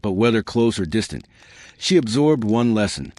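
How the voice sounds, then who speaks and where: Calm low-voiced man narrating bedtime history. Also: normal speed. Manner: calm, soothing, addresses the listener directly.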